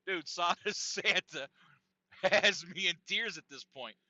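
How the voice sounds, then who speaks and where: A high-pitched man speaks at a moderate pace, hosting a podcast and telling a story casually. He's animated and profane, laughing often, and the recording is dull, lo-fi, and dry.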